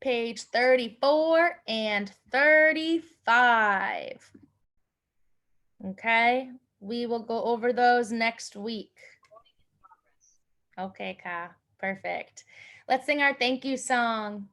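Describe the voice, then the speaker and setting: A woman teaching young learners with a high, bright voice. She speaks slowly and upbeat, repeating each question. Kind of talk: online class instruction.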